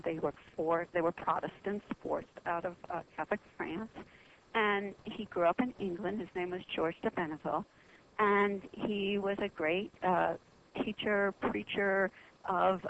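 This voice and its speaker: Woman guest on radio talk, gravelly voice, lots of ums, dull muffled sound with a little hiss. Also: fairly low pitch, steady tone. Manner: earnest, halting, many ums. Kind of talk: storytelling in a radio interview.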